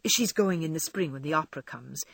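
A woman voicing a gentle, weary young woman who is the older sister, speaking softly and pleadingly. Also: sits low, lively intonation, fairly quick, vocal fry, husky, no room sound, heavily acted. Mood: eager. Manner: soft, tired and pleading.

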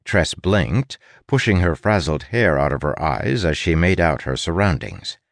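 A man's voice: low voice, expressive, measured pace, no room sound, clean studio sound. A man narrating an audiobook with wry, playful asides. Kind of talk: scripted narration.

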